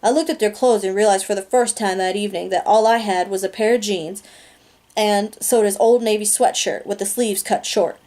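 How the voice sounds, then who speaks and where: A woman's voice: medium pitch, normal speed. Woman reading a novel aloud. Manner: steady, plain narration with small slips. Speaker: reader.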